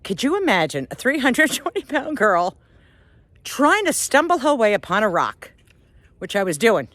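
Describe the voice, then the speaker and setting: Woman vlogger, middle-aged, slightly high and very expressive, self-mocking storyteller on a walk. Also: measured pace, dry recording. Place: outdoors on a walk.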